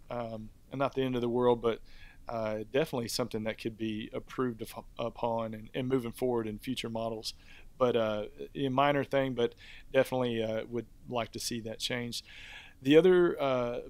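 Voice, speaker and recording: A man's voice: medium pitch, no room sound. A man co-hosting a review podcast, talking in an easygoing, rambling way with many fillers. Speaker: podcast co-host. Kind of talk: casual review chat.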